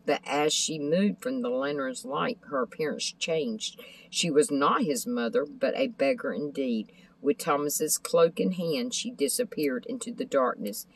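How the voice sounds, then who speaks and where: A woman's voice: extremely low pitch, unhurried, poor audio. Woman reading a storybook aloud. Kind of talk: scripted narration of a children's book.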